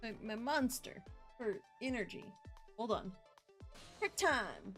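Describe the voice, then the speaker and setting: A woman's voice: on the high side, big pitch swings, slow, pauses often, fairly bright tone, soft background music. A playful young woman streaming a game, chatting casually and humming along. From US West Coast. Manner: playful, bubbly, hums and voices characters. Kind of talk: casual gameplay commentary.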